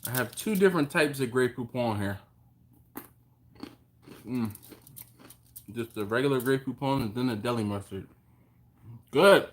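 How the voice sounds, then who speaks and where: A relaxed man talks on a live stream through his phone's mic at home, with a voice of ordinary mid pitch. He reads viewers' comments aloud in an easygoing way, greeting people by name and chuckling often. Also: a little slow, pauses often. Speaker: host of a barbecue live stream. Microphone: phone on a mount.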